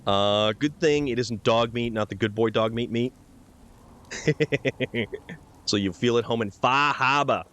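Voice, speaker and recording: A man's voice: medium pitch, unhurried. Male streamer, laid-back and chatty, everyday voice, live gameplay commentary. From New Hampshire. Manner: casual, chatty, says "dude" often. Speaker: game streamer.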